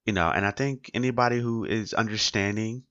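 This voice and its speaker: A man's voice: fairly low pitch, fairly quick, fairly bright tone, no room sound, lo-fi sound. A man hosting a solo podcast, talking casually and repeating his points with rhetorical questions. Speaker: podcast host.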